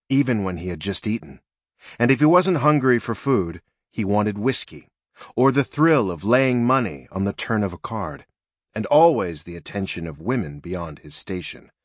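A man narrating an audiobook in a measured, even storytelling manner. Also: lowish voice, breathy edge, no room sound, studio quality.

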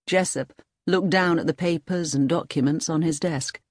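A woman narrating an audiobook in a clear, expressive storytelling manner. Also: low voice, normal speed, no room sound, clean studio sound. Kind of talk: audiobook reading.

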